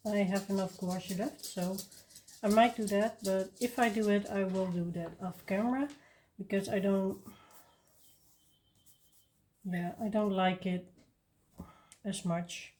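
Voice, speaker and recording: A woman hosting a coloring video, talking casually and thinking aloud as she works. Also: medium pitch. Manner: relaxed, unhurried, thinking aloud.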